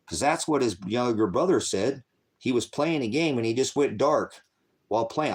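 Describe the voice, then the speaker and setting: Middle-aged man ranting angrily, heavy profanity. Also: medium pitch. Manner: angry, profane, rambling and accusatory. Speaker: host of a faith channel. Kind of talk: livestream rant to viewers.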